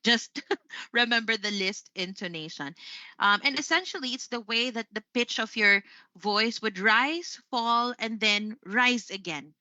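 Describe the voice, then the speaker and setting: A woman's voice: a little high, a little slow, sharp tone, dry recording, muffled recording. A Filipino woman hosting a live English lesson, chatty, tagging "right?" onto most of her points. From Philippines.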